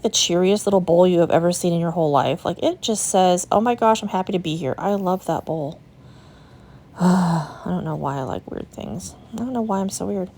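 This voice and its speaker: Friendly and talkative, this young American vlogger and resale booth owner walks through a shop, showing things off and gushing to viewers. Her voice is slightly low with a darkish tone.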